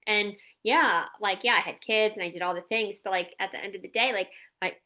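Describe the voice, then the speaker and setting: A woman in her thirties hosts a podcast, speaking candidly and chattily with lots of "like" and the odd mild swear. Her voice sits at medium pitch, brisk, pushed and bright.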